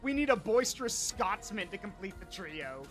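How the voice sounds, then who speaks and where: A man's voice: high voice, sing-song, normal speed, music in the background. A man streaming a video game in casual commentary, chatty and often bursting into laughter.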